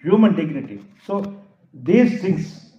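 A man's voice: on the high side, sing-song, warm tone, lo-fi sound. Male professor, emphatic speech, roomy echoey hall. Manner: emphatic, repeats key phrases, deliberate. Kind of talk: public lecture.

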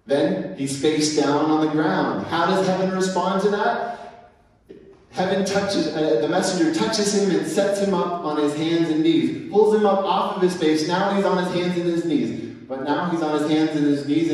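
Pastor guy preaching hard then soft, heavy church echo, long reverb. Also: on the high side. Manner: emphatic preaching with big swings in loudness. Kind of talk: sermon. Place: church sanctuary. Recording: echoey hall, mic far off.

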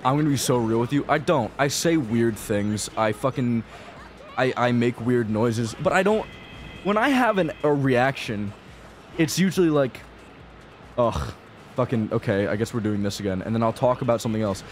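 A young man records casual, profane gameplay commentary as a video creator, rambling in frustration, sinking into mutters and then bursting out. His mid-range voice has lively intonation and a moderate pace. Faint game music plays behind him, with slight background noise.

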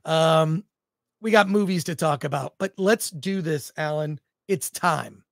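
A man's voice: on the high side, a little slow, gravelly, a bit bright, no room sound, studio quality. A man co-hosting a film talk livestream, joking and reading viewer comments aloud. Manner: talkative, jokey, reads chat aloud. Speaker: co-host of a film talk show. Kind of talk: casual livestream chat.

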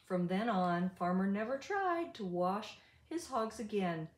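Older woman, picture-book reader, sing-song rhymes, lively pitch, echoey room. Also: unhurried, slight background noise. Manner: animated, sing-song rhyming delivery. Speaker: storybook reader. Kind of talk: reading a picture book aloud.

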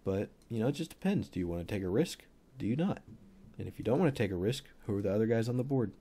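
A man's voice: on the low side, expressive, quick pace, dark tone, slightly rough. A man giving a casual, rambling screen-share breakdown of football prospects, full of fillers and offhand asides. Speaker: football draft analyst.

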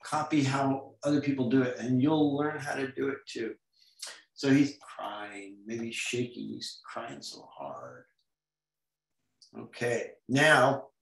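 A man's voice: medium pitch, steady tone, slow, roomy sound. A man leading an online comics drawing lesson over a video call, playful and chatty, making silly sound effects as he draws. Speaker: comics workshop teacher.

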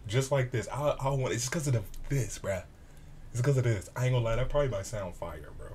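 A man hosting a reaction video, excitable and animated, swearing freely as he comments. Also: mid-range voice, quick pace, a little hiss or hum.

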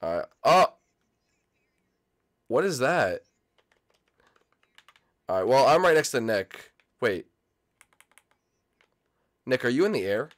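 Young guy gaming, jumpy and excitable, chatting at viewers, keys clacking behind. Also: mid-range voice, slow, pauses often. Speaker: gaming channel host. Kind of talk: casual gameplay commentary.

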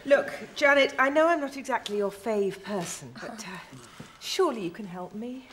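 A woman's voice: a little high, normal speed, background noise, close to an everyday voice. A woman playing a pampered young bride-to-be who bargains and pleads. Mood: pleading.

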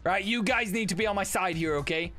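A man streaming games, chatting casually and excitably, swearing often and breaking into laughter. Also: high-pitched, brisk, soft background music. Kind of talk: casual gaming stream chat.

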